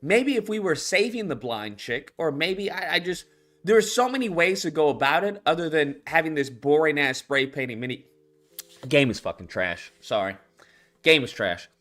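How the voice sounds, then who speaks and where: A man's voice: a little high, lively intonation, normal speed, fairly bright tone. A man hosting his own commentary channel, ranting about a video game in a heated, profane way with many restarts.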